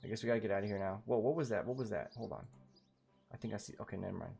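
Brief: laid-back gamer guy, gravelly and profane, with faint game music behind him. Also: lowish voice, rapid-fire, dark tone. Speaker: game streamer. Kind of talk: casual gameplay commentary.

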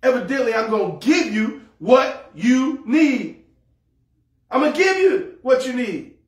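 A man's voice: very high-pitched, lively intonation, a little slow, roomy sound, pitched above the performer's own voice. A man preaching, voicing God as a firm, reassuring, commanding male presence in a retold story.

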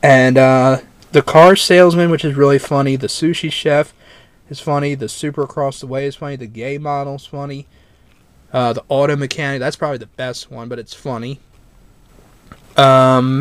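A man's voice: medium pitch, fairly even intonation, normal speed. A man casually showing his collection, talking in a rambling, easygoing way. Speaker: vlogger. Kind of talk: casual show-and-tell.

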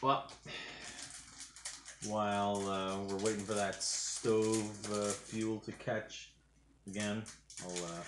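A man's voice: fairly low pitch, little pitch movement, takes it slowly, long pauses, echoey room, background noise. A man doing a casual food review vlog at home, rambling and hesitant, with lots of fillers, talking while he eats. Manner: talks while eating. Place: home kitchen.

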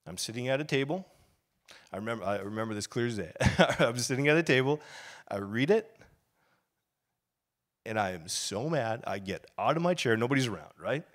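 A man preaching a sermon as pastor, telling his story casually and confessionally, then building up to loud, fervent preaching. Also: mid-range voice, expressive, moderate pace, pauses often. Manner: storytelling, grows loud and fervent, acts out quoted shouts; casual and confessional, with laughs and sighs.

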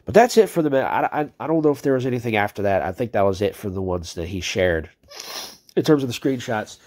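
A man's voice: on the low side, lively intonation, fast talker, a little mellow. A man ranting in a commentary video, exasperated and sarcastic and swearing freely as he picks apart a chat exchange.

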